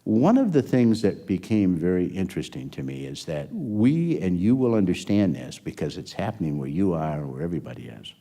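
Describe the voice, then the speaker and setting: Older man, very low voice, mellow tone, rambling anecdotal interview storytelling. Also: sing-song, fairly quick, few pauses. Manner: rambling anecdotal, acts out quoted dialogue. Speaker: interviewee, former health system executive.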